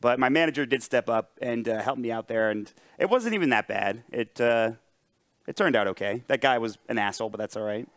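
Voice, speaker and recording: A young man from upstate New York tells a plain, relaxed anecdote. His voice is smooth and resonant, with a close, dry sound. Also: mid-range voice, a little fast, no room sound. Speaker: esports panelist. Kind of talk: casual chat.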